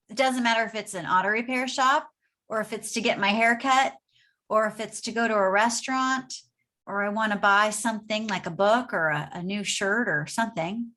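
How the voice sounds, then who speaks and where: A woman's voice: on the high side, bright, forceful tone. Upbeat woman giving a motivational business talk. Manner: upbeat, conversational, asks the audience "right?". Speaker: presenter. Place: home office.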